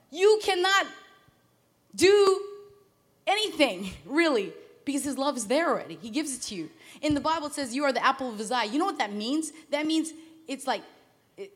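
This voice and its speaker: Woman pastor preaching, lively and laughing, voice kinda high, long echo in the hall. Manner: animated, laughing, acts out quoted voices. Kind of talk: sermon.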